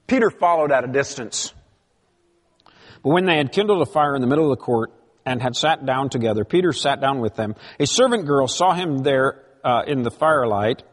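A man's voice: medium pitch, animated, brisk, in a large hall. A man preaching a sermon, reading scripture aloud with emphatic rises and drops in his delivery. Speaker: pastor.

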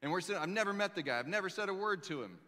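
A man in his thirties preaching a sermon, telling stories with lively, dramatic pauses. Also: sits high. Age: 30s. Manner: animated storytelling, reads scripture aloud with dramatic pauses. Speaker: pastor. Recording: long reverb of a large hall.

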